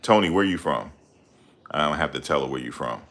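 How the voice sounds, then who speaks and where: A middle-aged man hosting his channel, talking in a loud, confrontational, profane rant. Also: extremely low pitch, animated, fairly quick. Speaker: channel host. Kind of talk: ranting livestream commentary.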